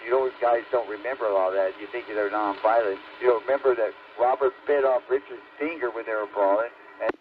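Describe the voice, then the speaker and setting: A man's voice: medium pitch, fairly even intonation, a little fast, few pauses, slight background noise. An older man, a ham radio operator, ranting angrily and profanely on the air with threats. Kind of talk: heated on-air argument. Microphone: radio transceiver microphone. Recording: tinny ham radio transmission.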